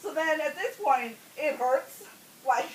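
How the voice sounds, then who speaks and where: High, lively woman laughing through a story. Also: slow. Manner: laughs often mid-sentence, animated and crude. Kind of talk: casual comic storytelling. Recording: roomy sound from a distance with faint hiss.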